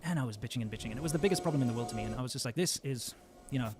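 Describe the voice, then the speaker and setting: A man's voice: mid-range voice, rapid-fire. A man from Africa, rambling through an opinion monologue full of ums and side tracks. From South Africa. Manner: rambling and digressive, many ums. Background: loud metal music.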